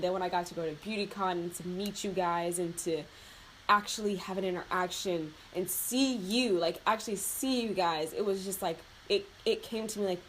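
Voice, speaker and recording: Young woman doing her makeup and chatting, chatty and heartfelt, mid pitch, lots of likes and ums. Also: normal speed, slight background noise, poor audio. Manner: emotional and heartfelt, near tears; chatty, loose, with lots of fillers and laughs. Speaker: beauty vlogger. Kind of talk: casual chat while doing makeup.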